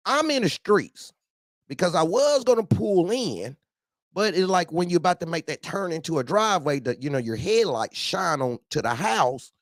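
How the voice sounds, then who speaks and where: Man, CB radio storytelling, profane, repetitive, lively dry voice. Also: on the high side, no room sound. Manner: animated, profane, repeats himself. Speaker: truck owner telling a story.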